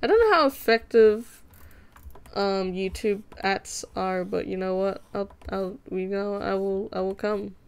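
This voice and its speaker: Casual livestream chatter comes from a young Australian woman who giggles with her chat while drawing at home. She has a clean, mid-range voice and keeps a measured pace. A desk mic picks her up, and faint music plays in the background.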